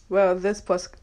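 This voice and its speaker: A woman in her twenties with a Nigerian accent, hosting her own podcast in a casual, sarcastic, bantering way. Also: on the low side. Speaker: podcast host. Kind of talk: casual solo podcast chat.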